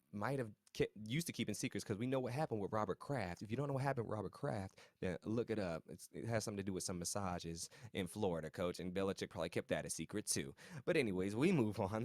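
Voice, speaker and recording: A man's fairly low voice walks through a TV episode in a loose, chatty recap, full of slang and side remarks to his viewers. He chuckles here and there as he reacts. The sound is dry and close, with no room echo. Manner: chuckles now and then while talking. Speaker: TV recap host.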